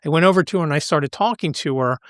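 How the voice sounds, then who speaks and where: A man talks through his trip in a casual, rambling vlog, restarting sentences and laughing lightly as he goes. His voice sits a touch high for a man. The sound is dry and close, with no room echo. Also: fast talker. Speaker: podcast host.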